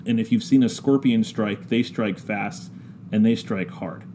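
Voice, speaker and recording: Slow, halting man with mellow low voice. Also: slight background noise. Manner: slow, drawn-out, halting with many ums. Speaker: podcast guest discussing scripture. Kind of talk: casual conversational storytelling.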